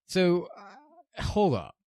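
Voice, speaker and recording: A man's voice: high voice, huge pitch swings, slow pace, mellow, no room sound. A young man co-hosting a casual podcast, swearing often and laughing as he mocks people. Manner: profane, laughing, mocking. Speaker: podcast co-host.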